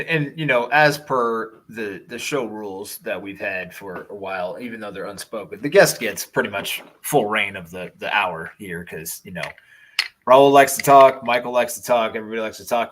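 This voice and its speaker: A man with a Chicago accent chats casually about football as a podcast co-host, his voice sitting somewhat low. He rambles loosely and swears without a second thought. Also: normal speed, a bit bright, low-quality recording. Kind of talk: casual sports chat.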